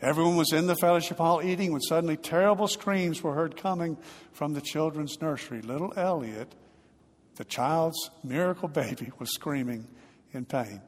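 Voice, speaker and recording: Man preaching a sermon with hall reverb. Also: on the high side. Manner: earnest, slowing and softening toward the close. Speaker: pastor. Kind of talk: sermon storytelling.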